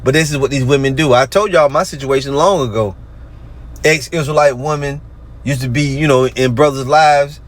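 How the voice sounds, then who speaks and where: A man who comments on religious groups rants in a casual monologue, mocking as he goes and reading scripture verses aloud between the jabs. His voice is mid-range, at a moderate pace.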